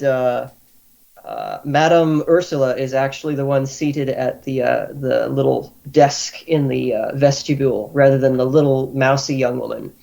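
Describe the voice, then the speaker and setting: A man's voice: medium pitch, gravelly, darkish tone. A man running a tabletop game as game master, narrating in an easygoing way with many fillers.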